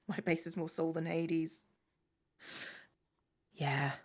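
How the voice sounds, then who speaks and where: A woman guesting on a live stream, chatting in a relaxed way and thanking viewers. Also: low-pitched, drawn-out words. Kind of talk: casual chat.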